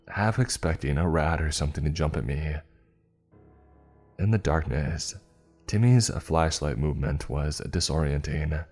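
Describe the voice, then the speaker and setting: Brief: male narrator with an extremely deep voice, measured and tense, faint music under him. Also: a little mellow. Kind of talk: first-person scripted story narration.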